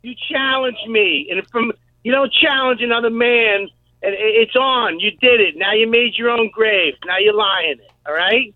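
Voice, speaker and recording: A man's voice: sits high, normal speed, dry recording. A man calling in, trading cocky, playful trash talk. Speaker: caller. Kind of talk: phone banter. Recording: tinny phone line.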